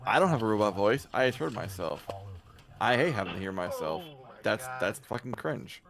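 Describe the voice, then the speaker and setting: A man's voice: lowish voice, big pitch swings, normal speed, crowd noise. A man co-hosting a livestream, chatting casually, swearing and joking while talking over his co-host. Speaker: stream co-host. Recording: music playing behind the voice.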